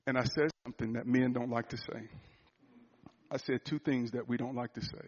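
A man preaching a sermon, telling a personal story, swinging from loud, rising fervor to a hushed, quiet confession. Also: mid-range voice, steady tone, moderate pace, dull audio. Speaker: pastor.

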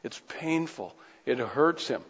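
A man's voice: mid-range voice, lively intonation, slow pace, fairly bright tone, husky. A man preaching a sermon with passion, pressing his listeners with rhetorical questions. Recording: echoey hall, dull lo-fi sound.

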